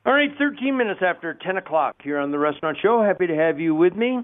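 A man's voice: sits high, expressive, fast talker. A middle-aged man hosting a radio show, talking in a chatty, folksy way and telling jokes. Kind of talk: casual radio talk. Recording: tinny phone-like radio audio.

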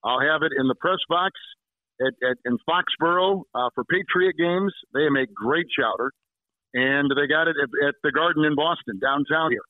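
A man's voice: a little high, normal speed, no room sound. A man calling in as a guest, chatting casually with lots of restarts and fillers. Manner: rambling, warm storyteller with many restarts. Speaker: guest sportscaster. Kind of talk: casual chat by phone. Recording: tinny phone line.

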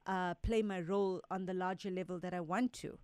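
A woman's voice: fairly low pitch, steady tone, brisk, a little mellow, clean tone, no echo. A woman giving psychic readings to radio callers, speaking in a direct, reassuring way and relaying messages as quotes. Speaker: resident psychic medium.

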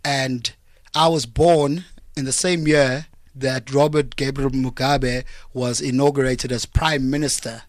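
A South African man, a comedian guest in a radio studio, telling jokes in a deadpan storytelling way. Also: medium pitch, measured pace, no room sound. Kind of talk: joking radio interview chat. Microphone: studio microphone.

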